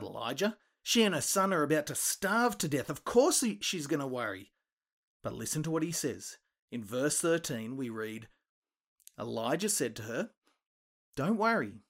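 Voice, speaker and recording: A man retelling a Bible story for children, lively and expressive, acting out the quoted lines. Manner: animated, acts out quoted voices with big pitch jumps.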